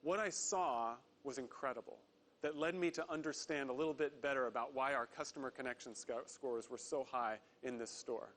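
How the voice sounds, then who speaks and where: A man giving a prepared corporate investor presentation, earnest, slowing down to stress key words. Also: medium pitch, a bit bright. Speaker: company executive presenter.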